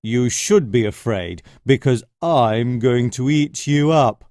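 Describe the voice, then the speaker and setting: A man's voice: medium pitch, a little mellow, dry recording, studio quality, natural voice. A man voicing a big, grumpy and boastful male lion who growls and mutters. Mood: stubborn. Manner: growling, slow.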